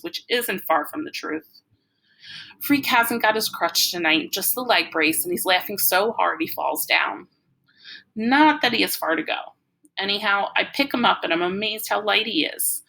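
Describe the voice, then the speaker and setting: A woman reading a novel aloud, giving a lively first-person narration. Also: mid-range voice, moderate pace, gravelly. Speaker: audiobook reader.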